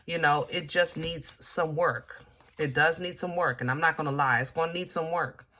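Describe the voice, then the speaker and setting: A woman doing a casual tarot reading, talking straight to her viewers in a bright, forceful voice. She is chatty and emphatic, full of fillers and asides, and swings from loud to hushed. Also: deep voice, normal speed. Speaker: tarot reader.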